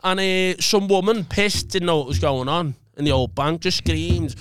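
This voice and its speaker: A man with a Liverpool accent, a comedian telling a sweary, animated story in casual podcast chat. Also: high voice, moderate pace, hardly any pauses, clean tone, no echo. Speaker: stand-up comedian, podcast host.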